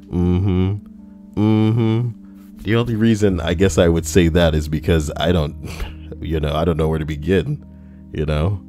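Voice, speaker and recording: A man's voice: low-pitched, a little mellow. A man streaming casual commentary while reading online posts, rambling with crude, sarcastic asides.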